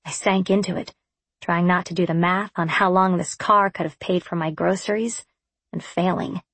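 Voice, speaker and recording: A woman narrating a first-person audiobook in a wry, expressive storytelling voice. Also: on the low side, moderate pace, dry recording.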